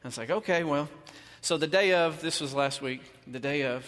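A man's voice: on the high side, normal speed, fairly bright tone. A man giving a chatty sermon, telling a self-deprecating story before he turns to teaching. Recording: long reverb of a church hall.

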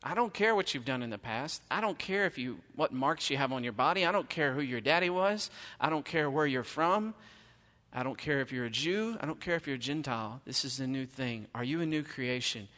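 A man's voice: medium pitch, expressive, brisk, pushed and bright, big-room sound. A middle-aged male pastor preaching a sermon in a conversational way, with emphatic rhetorical questions.

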